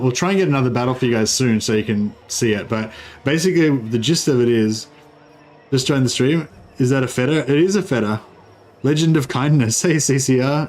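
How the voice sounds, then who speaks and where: A man's voice: medium pitch, a little mellow. Rambling male game streamer. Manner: rambling, filler-heavy, explains game mechanics. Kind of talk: casual live-stream commentary.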